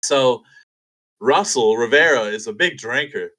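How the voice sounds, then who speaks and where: A young man, a fighter guest on an interview show, telling stories in a casual, animated, profane way and acting out other people's lines. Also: medium pitch, a little slow, noisy background. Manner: animated, profane, acts out quotes.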